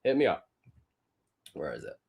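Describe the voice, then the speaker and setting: A young man on a live stream reacts to film clips with animated, profane commentary at a moderate pace, breaking into sudden loud outbursts.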